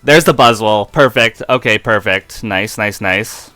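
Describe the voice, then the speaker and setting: Man, live gameplay commentary, unhurried, clear smooth voice, faint music behind. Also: fairly low pitch, no room sound. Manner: excitable, breaks into helpless laughter. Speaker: competitive game player and video creator.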